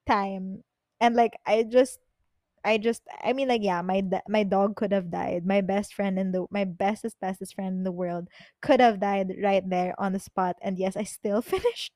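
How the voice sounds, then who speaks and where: A young woman, hosting a podcast and telling personal stories in an excitable, rambling way, swearing freely. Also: mid-range voice, normal speed, no room sound. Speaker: podcast host. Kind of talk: casual personal storytelling. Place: bedroom, on her bed.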